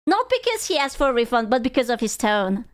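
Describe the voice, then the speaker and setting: A woman's voice: a little high, big pitch swings, fast talker. A young woman streamer in casual chat, blunt and profane as she rants to her viewers.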